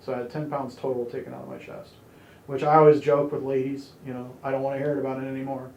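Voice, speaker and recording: A man's voice: medium pitch, level tone, quick pace, gravelly, a little mellow. A man sharing his personal testimony in a candid, conversational way, with wry humor and plenty of "you know"s. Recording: roomy echo.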